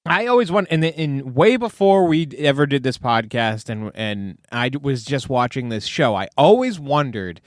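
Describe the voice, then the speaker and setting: A man's voice: mid-range voice, sing-song, moderate pace, few pauses, dry recording, studio quality. A man co-hosting a podcast, musing aloud and hesitating as he works through a thought. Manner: musing, hesitant with ums and restarts. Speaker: podcast co-host. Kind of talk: casual chat.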